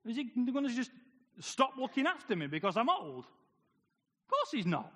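A man's voice: extremely high pitch, huge pitch swings, normal speed, pauses often, pushed and bright. A man preaching a sermon, firing off rhetorical questions with wry humor. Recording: long hall reverb.

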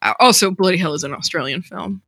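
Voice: medium pitch, quick pace, vocal fry, a bit bright, slightly rough, no echo, studio quality. A podcast co-host chatting casually and agreeably about horror films.

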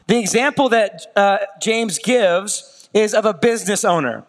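A man preaching a sermon in a conversational way, slipping into quick acted asides. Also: high voice, big-room sound. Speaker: pastor.

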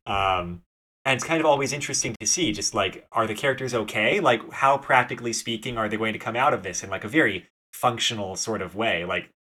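A man's voice: lowish voice, fairly quick, pushed and bright. A man co-hosting a podcast, musing in a thoughtful, hesitant way about a story. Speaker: podcast co-host. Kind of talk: casual book-club chat.

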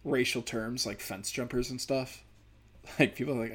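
A man's voice: medium pitch, steady tone, moderate pace, a bit bright, breathy edge. A man, a stand-up comedian with a speech impediment, riffing in a rambling, profane podcast monologue. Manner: rambling, profane, many fillers.

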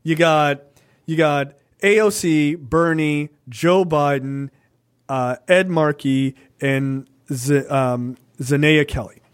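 This co-host speaks slowly and smoothly, his voice a little high. On the podcast he rambles about politics, animated and profane, leaning on "right?" throughout.

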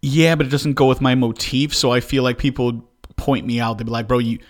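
A man co-hosting a podcast, telling stories in a casual chat and quoting his wife and daughter in lively voices. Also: mid-range voice, a little fast. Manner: animated storyteller, quotes people in raised voices. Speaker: podcast co-host.

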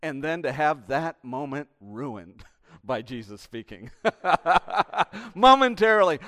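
A man, a pastor, preaches a sermon animatedly, swinging between emphatic bursts and hushed, intimate appeals. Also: a little high, very animated, slow pace.

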